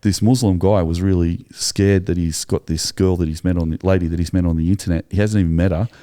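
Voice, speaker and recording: A man's voice: sits low, steady tone, fast, warm tone. A middle-aged Australian man, a tired pastor telling a story on a podcast in an earnest, emotional way.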